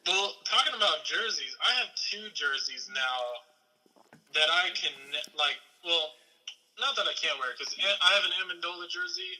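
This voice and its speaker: A man's voice: high-pitched, big pitch swings, normal speed, pushed and bright, rough recording. A man who is a guest on a casual sports podcast, chatting easily with plenty of loose filler words.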